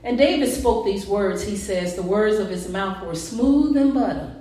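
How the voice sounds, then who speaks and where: A woman preacher delivering a sermon with call-and-response, moving between quiet talk and shouting. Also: medium pitch, expressive, normal speed. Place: church hall. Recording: echoey hall, distant mic, crowd responding.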